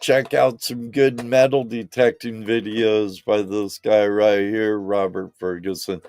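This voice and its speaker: A Southern California man hosts a live stream, talking directly to his viewers in a rambling, laid-back, casual way. His voice is lowish and a little mellow, with no room sound.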